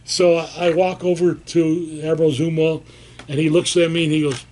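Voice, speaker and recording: Interviewed about his service, an older man from the United States spins a lively war-era story at normal speed. He animatedly voices everyone's lines, his pitch sitting fairly high for a man.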